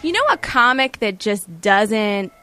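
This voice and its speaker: A woman's voice: mid-range voice, lively intonation, a little slow, pushed and bright, clean tone, faint music behind. A woman comedian in casual panel talk, emphatic and prone to repeating words.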